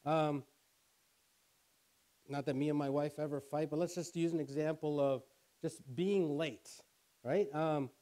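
A middle-aged man preaching a sermon as pastor, telling stories and rising in pitch and force to drive points home. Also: steady tone, measured pace, pauses often, dark tone.

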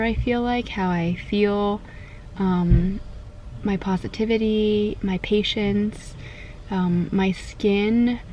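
A young woman vlogging from inside a parked car, talking quietly and softly in a chatty, giggly, rambling way. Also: medium pitch, slight background noise, poor audio. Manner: talking quietly, soft-spoken. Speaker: family vlogger. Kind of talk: casual vlog chat.

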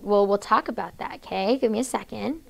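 A woman's voice: mid-range voice, a little fast, gravelly. Woman teacher reading aloud to a class. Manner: reads quoted lines with changed voices, hushes students often. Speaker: sixth grade teacher.

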